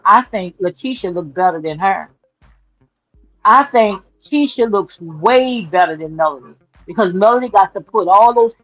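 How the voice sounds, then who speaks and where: A woman's voice: medium pitch, no room sound, highs cut off. Sassy woman on a phone livestream. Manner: sassy and emphatic, repeats phrases, says "honey". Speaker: livestream commentary host. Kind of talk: casual livestream commentary.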